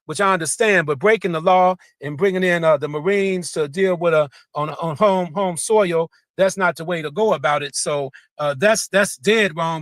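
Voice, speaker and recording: A man's voice: high-pitched, bright, forceful tone, no room sound. A man speaking as a talk show guest, making his point with many "uh" fillers and emphatic repeats. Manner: frequent "uh" fillers, emphatic repetition. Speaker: guest commentator. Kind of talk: remote talk show discussion.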